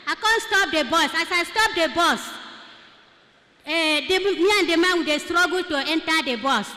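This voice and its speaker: A woman's voice: extremely high pitch, moderate pace, pushed and bright. A Nigerian woman giving a testimony in church, telling her story with Pidgin phrases mixed in. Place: church hall. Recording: echoey church hall.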